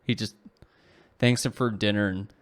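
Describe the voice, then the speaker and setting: A man's voice: fairly low pitch, fairly even intonation, moderate pace. A man co-hosting a podcast, casually telling a long story, rambling with lots of "like" and "you know" and correcting himself as he goes. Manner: self-correcting, self-deprecating asides. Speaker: podcast co-host.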